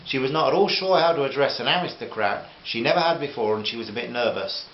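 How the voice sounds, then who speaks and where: Male author-narrator, gentle and chatty, roomy dull recording with hiss. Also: medium pitch, animated, fast. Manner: gentle, chatty asides to listeners. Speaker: author reading his own novel. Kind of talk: audiobook narration with character voices.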